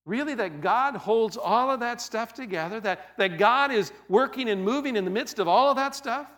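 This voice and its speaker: A man with a high, bright voice preaches a sermon conversationally. He stacks phrase on phrase and circles back to hammer each point home. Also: lively intonation, moderate pace. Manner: conversational preaching, stacked repetitions and emphatic restatements. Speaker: pastor.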